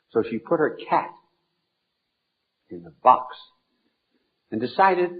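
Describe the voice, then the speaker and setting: An archbishop telling humorous anecdotes in a deliberate, playful storytelling manner. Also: male voice, lowish voice, slightly rough. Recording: narrow phone-like old archival recording.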